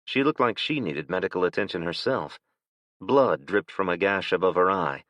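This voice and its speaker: Deep-voiced male audiobook narrator. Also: dry recording. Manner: steady, measured. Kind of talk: scripted narration. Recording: dull, dry lo-fi recording.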